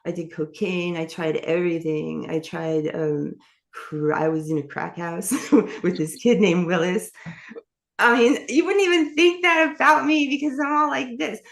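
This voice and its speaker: This woman's voice is fairly low with vocal fry, and she speaks at a measured pace. She's an author from New York, interviewed about her life, and her candid, rambling account is packed with fillers and false starts.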